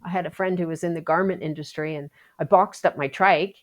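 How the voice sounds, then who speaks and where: Speaking briskly in a fairly low voice, a Canadian Paralympian guest shares her story in a casual podcast interview. She animates it with acted-out quotes and frequently starts over.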